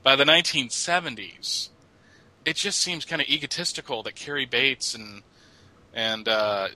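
A man's voice: mid-range voice, normal speed, pushed and bright, rough recording. A middle-aged man co-hosting a podcast, chatting casually about comics and joking as he reads. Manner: joking, laughs at his own lines. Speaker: podcast co-host.

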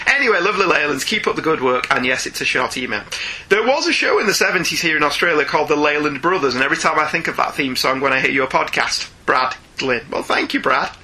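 A man's voice: on the high side, lively intonation, fairly quick, sharp tone, rough recording. A man from Ireland with a sore throat, co-hosting a podcast and reading listener emails aloud in casual chat, laughing often as he goes.

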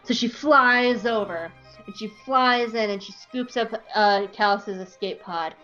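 A woman's voice: mid-range voice, measured pace. A young woman co-hosting a podcast, telling a comedic fan-fiction story with giggles and swearing. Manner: giggly, profane, animated storyteller. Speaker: podcast co-host. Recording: muffled podcast audio, faint music.

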